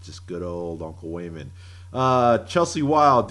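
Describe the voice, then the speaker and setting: A man's voice: low voice, sing-song, unhurried, fairly bright tone. A man co-hosting a casual podcast, reading out tweets with laughter and crude jokes. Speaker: podcast co-host.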